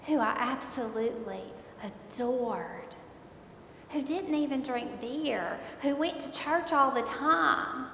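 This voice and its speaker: A high-pitched woman with a drawl tells her faith testimony in an earnest way, repeating words as she goes. Her voice carries through a large, echoing hall with a long reverb tail and a faint rumble underneath. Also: lively intonation, slow, sharp tone. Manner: earnest, repeats words while recounting, voice rises in dismay. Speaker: speaker giving a personal testimony. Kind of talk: emotional faith testimony storytelling.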